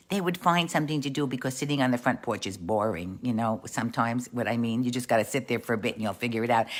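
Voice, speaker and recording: A woman's voice: very deep voice, fairly bright tone, heavily acted. A woman playing a doting, folksy Italian-American aunt who tells a story and gives chatty life advice to her "dolls". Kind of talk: comic character storytelling.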